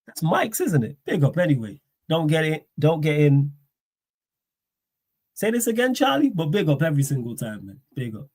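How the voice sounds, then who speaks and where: A man, hosting a football livestream, talking in a slangy, animated way and firing off rhetorical questions. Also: fairly high pitch, normal speed. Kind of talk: casual live-stream rant.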